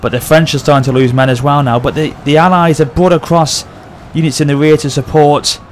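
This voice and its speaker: A man hosting a gaming channel, excitedly commentating a battle over gameplay and often addressing his audience. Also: on the high side, brisk, a little hiss or hum.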